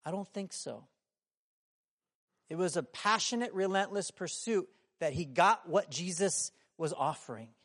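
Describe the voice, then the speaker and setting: A man with a notably high voice delivers a sermon in a relaxed, conversational way. He keeps asking his listeners questions and acts out the people in his story, sometimes raising his voice to a shout. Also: a little slow. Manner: conversational, asks the room many questions. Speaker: preacher.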